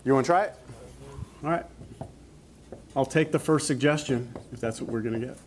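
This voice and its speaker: A man's voice: medium pitch, a little fast, slight background noise. A man teaching a math class, explaining each step and checking in with the students. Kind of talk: classroom lecture.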